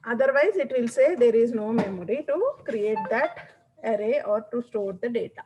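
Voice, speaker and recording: Woman, classroom lecture, fairly high voice, checks understanding often. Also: lively intonation, moderate pace, noisy background.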